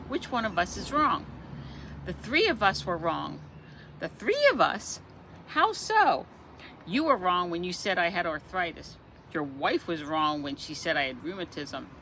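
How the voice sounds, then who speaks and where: A woman telling jokes as stories, acting out the characters with big jumps in pitch. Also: normal speed, slight background noise. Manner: expressive, acts out the quoted voices with big pitch jumps. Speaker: joke teller. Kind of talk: storytelling jokes.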